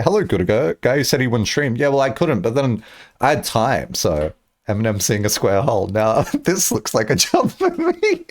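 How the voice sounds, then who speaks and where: A young man rambles and jokes casually on a live stream, breaking into bursts of excitement. His mid-range voice moves a little fast.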